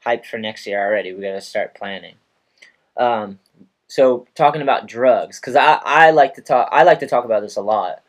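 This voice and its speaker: Young male podcast host, casual, swears a lot, lively storyteller. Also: medium pitch, normal speed. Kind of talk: casual chat.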